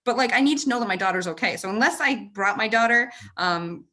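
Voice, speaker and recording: Bright-voiced woman telling stories animatedly. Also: a little high. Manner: animated, quick restarts and fillers. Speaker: marathon runner guest. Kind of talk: conversational interview storytelling.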